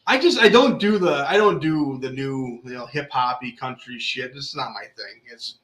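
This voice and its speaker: A man's voice: mid-range voice, lively intonation, moderate pace, a bit bright, echoey room, rough recording. A man hosting a podcast, telling rambling stories in casual chat and swearing often. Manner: swears a lot, rambling storyteller. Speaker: podcast host.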